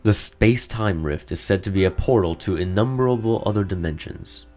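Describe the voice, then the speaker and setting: A man's voice: fairly low pitch, fairly quick, mellow, faint music behind, natural voice. A man voicing a stern elderly woman who keeps old legends, reading game dialogue aloud in a solemn, formal, cryptic manner.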